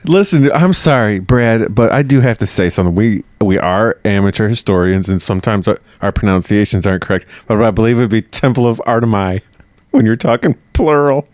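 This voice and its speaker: A man's voice: fairly low pitch, a little fast, darkish tone, no echo. A man co-hosting a history podcast, chatting in a playful, mock-serious comic way. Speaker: podcast co-host. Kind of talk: casual comedic chat.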